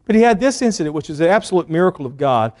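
A man preaching a sermon as a pastor, retelling a story in an animated way and acting out the quotes. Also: a little high, rapid-fire.

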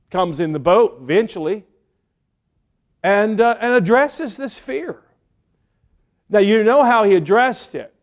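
A man with a fairly high voice delivers a sermon. He speaks earnestly, pausing and repeating words, and acts out the quotes he cites. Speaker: preacher.

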